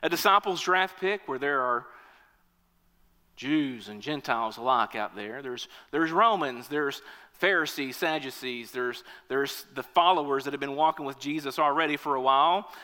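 A man preaching a sermon, lively, acting out the reactions of an imagined crowd in raised voices. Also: medium pitch, moderate pace, big-room sound.

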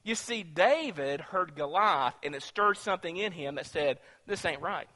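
A man preaching a sermon, retelling a story in an animated way that swings from hushed to emphatic. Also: a little high, normal speed, in a large hall.

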